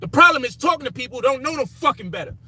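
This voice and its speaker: A man's voice: very high voice, expressive, racing, bright, forceful tone, breathy edge. A man ranting in frustration, profane and emphatic, with faint background noise. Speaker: commentator. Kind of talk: frustrated personal rant.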